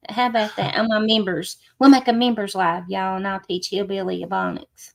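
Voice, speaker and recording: A woman's voice: medium pitch, flat delivery, brisk, gravelly. A woman with a thick Appalachian accent, co-hosting a livestream in casual chat and laughing often. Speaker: livestream co-host.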